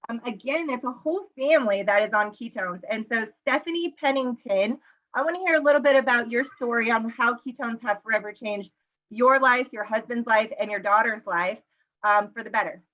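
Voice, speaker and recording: A woman's voice: fairly high pitch, fairly quick, sharp tone, muffled recording. A woman hosting a group video call, effusive and encouraging as she introduces guests.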